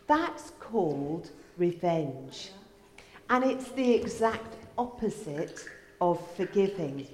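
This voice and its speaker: A woman giving a gentle, storytelling children's address in church. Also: fairly high pitch. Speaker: children's talk leader. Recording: echoey hall with long reverb.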